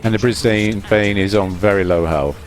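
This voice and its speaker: A man giving relaxed, rambling voice-over commentary on his own gameplay, with fillers and restarts. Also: on the low side, moderate pace, soft background music. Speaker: gaming commentator.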